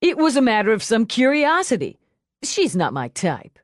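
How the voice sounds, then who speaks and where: A woman voicing a cocky, excitable young male detective who talks in a breezy, cheeky way. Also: on the high side, normal speed, no echo, clean studio sound, pitched above the performer's own voice.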